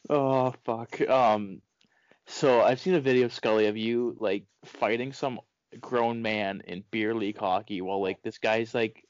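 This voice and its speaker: A man co-hosting a podcast, talking in a halting way, full of filler words. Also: lowish voice, steady tone, clean tone, no room sound, dull audio. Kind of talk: casual chat.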